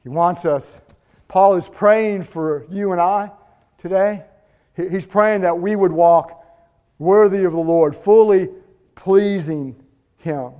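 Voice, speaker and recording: A man's voice: high-pitched, takes it slowly, long pauses, mellow, clean tone. A man preaching a sermon as pastor, fervent and emphatic.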